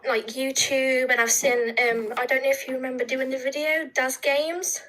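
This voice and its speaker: A woman calling in to a live stream, hesitant and full of ums, reading out slowly. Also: high voice, flat delivery, bright, forceful tone, low-quality recording. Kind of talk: casual call-in chat.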